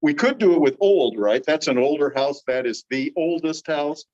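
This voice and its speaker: Male teacher, slightly high voice, patient classroom explainer, dull lo-fi recording. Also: animated, moderate pace, a little mellow. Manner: patient, calls on students by name. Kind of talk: classroom grammar lesson.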